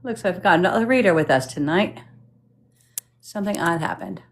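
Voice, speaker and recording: A woman's voice: on the low side, animated, brisk. A woman hosting a live stream as a psychic medium, reading cards aloud in casual chat, swearing now and then and humming while she scrolls.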